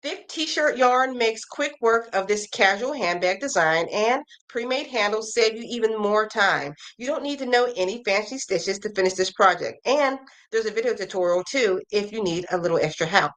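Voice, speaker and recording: Hosting a relaxed crochet live stream, this woman speaks in a mid-range, slightly bright voice at a moderate pace with few pauses and lively intonation. She reads viewer comments out loud, reacts to them, chats, and cheerfully goes over pattern blurbs.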